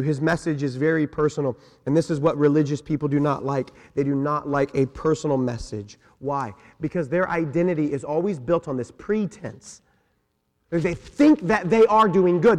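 A pastor delivers his sermon in a raised, high voice, hammering on key words and putting questions to his listeners. The sound carries a long reverb from a large church sanctuary. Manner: emphatic, repeats key words, asks the congregation questions. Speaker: senior pastor.

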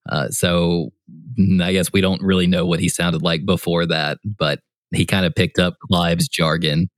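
A man's voice: low-pitched, flat delivery, normal speed, no echo, studio quality. A man on a casual podcast, giving a long, rambling, self-deprecating answer. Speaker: podcast co-host and player.

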